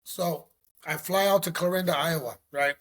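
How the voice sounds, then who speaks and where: A man telling a story as a podcast guest, animated and slangy. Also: fairly high pitch, normal speed. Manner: animated, slangy, acts out quotes. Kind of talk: casual storytelling.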